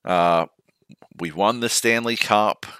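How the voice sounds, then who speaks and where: A man's voice: lowish voice, slow, a bit bright, clean tone, no room sound, studio quality. An Australian man co-hosting a gaming podcast at home on a laptop mic, in sweary, jokey casual chat. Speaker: podcast co-host.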